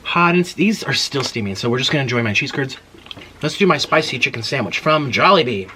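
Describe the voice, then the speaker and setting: A man hosting an eating video, retelling an annoying drive-thru visit in an indignant, animated way between bites. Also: mid-range voice, a little fast, a little hiss or hum. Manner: animated, indignant retelling with mouth-full murmurs. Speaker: mukbang host. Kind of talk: storytelling while eating on camera.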